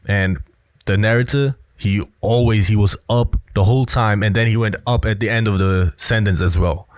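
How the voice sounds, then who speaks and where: A man's voice: fairly low pitch, dry recording. A man giving blunt, assertive casual commentary on a film clip, often filling with "you know". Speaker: body language commentator.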